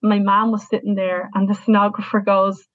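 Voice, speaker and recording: A woman's voice: medium pitch, level tone, a little fast, no room sound. A woman in her thirties with an Irish accent, telling a personal story in an earnest, emotional way with frequent restarts. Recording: tinny, dry phone-like sound.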